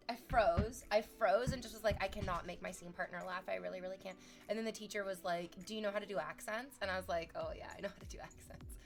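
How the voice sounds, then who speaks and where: Young woman streamer, casual reflective chat, frank and sweary, middle pitch. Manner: reflective, candid, swears freely.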